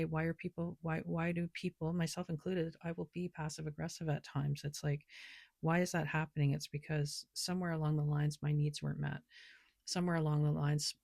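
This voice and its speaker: With a low, gravelly, darkish voice, this woman reads tarot and oracle cards in a relaxed spiritual vlog, wandering through her thoughts with lots of fillers. The recording is studio quality with no echo.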